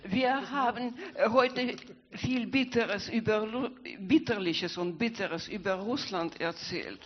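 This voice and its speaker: A man speaking at a conference ceremony, slow and deliberate. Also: high voice, highs cut off. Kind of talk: speech at a ceremony.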